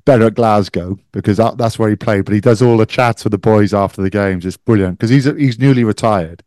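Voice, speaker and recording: A man's voice: on the low side, brisk, mellow, no room sound. A man co-hosting a podcast, chatting casually and adding dry quips. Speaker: podcast co-host. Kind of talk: casual chat.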